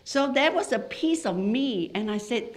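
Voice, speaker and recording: A middle-aged woman from Malaysia lecturing a class as a hypnotherapist. She tells stories in an animated way, her pitch swinging widely as she goes. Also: normal speed. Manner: storytelling, lively and animated, with laughs. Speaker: hypnotherapist giving a talk.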